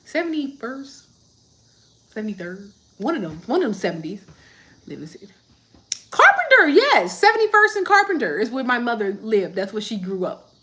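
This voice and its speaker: A woman's voice: on the high side, wildly swooping pitch, normal speed, bright, forceful tone. A woman, chatting casually on a livestream and answering viewer comments as she rambles. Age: 30s.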